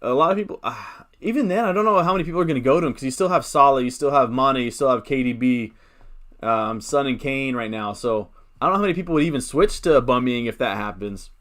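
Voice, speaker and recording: A man's voice: mid-range voice, fast, a bit bright. A young man hosting a live stream, chatting casually, wandering between thoughts and reading out viewer comments. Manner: rambling, chats with viewers, reads out comments.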